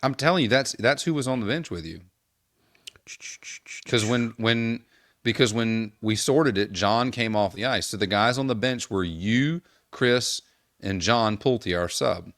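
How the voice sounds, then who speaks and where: A man co-hosting a casual podcast, talking quickly and wryly, venting with exasperation about his team. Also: lowish voice, fairly bright tone, no room sound, studio quality. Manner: quick, wry, vents with exasperation. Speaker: podcast co-host, hockey player. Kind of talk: casual banter.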